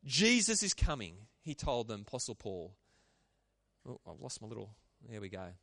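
A man preaching a sermon, animated and calling out to the congregation for responses. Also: lowish voice, moderate pace, dry recording, clean studio sound. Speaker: pastor.

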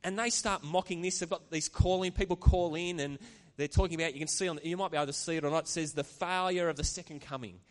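A man's voice: fairly high pitch, fast, hardly any pauses, long reverb tail. A man preaching a sermon as pastor, earnest and conversational, with chatty asides to the congregation. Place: church.

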